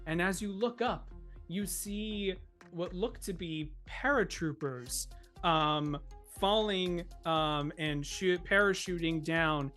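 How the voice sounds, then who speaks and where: A game master narrates a tabletop adventure at an unhurried pace, stopping often for ums and laughs. The voice sits at a middle pitch, with faint music behind it. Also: a bit bright.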